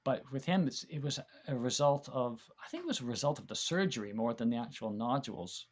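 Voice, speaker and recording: A man's voice: medium pitch, sing-song, fairly quick. Man reminiscing in a rambling chat. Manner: rambling, warm storytelling with many restarts and fillers. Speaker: podcast guest.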